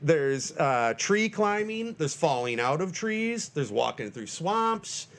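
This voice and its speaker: Very animated yet taking it slowly, a Northern Michigan man in his forties hosts his podcast alone in a rambling monologue. He's loose and self-mocking, heavy on fillers and restarts, and now and then erupts into shrill, panicky shouts for comic effect.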